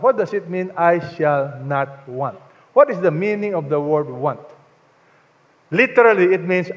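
A man's voice: a little high, animated, moderate pace. A man preaching a sermon to a congregation, emphatic and leading them to repeat lines after him. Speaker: pastor. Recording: dull sound with long hall reverb.

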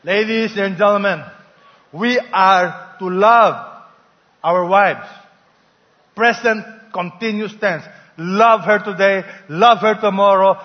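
A male pastor preaching a sermon, emphatic and drawing responses from the congregation. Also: high voice. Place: church hall. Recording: dull lo-fi recording in a reverberant church hall.

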